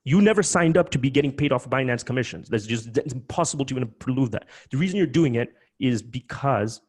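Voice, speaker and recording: Animated man hosting a webinar. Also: mid-range voice, breathy edge. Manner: animated, emphatic, quick restarts. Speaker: webinar host. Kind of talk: live webinar presentation.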